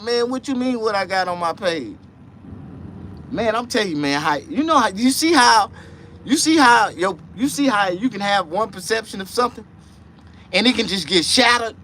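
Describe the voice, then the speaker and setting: A man hosting a casual livestream chat, rambling and profane, dropping to low mutters and jumping to high excited outbursts. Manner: profane, rambling street talk. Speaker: livestream host.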